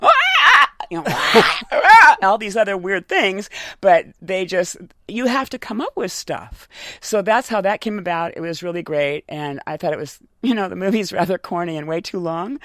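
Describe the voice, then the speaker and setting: A woman voice actor chatting in an interview, telling lively stories with frequent laughs. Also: on the low side, no room sound, clean studio sound. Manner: lively anecdotal storytelling with laughs. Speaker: voice actor guest. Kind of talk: casual interview chat.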